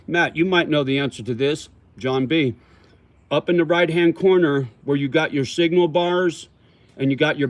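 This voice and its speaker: A man hosting a casual livestream, answering viewer comments in a profane, slangy way and calling people homie and brother while he chews tobacco. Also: a little high. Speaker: livestream host.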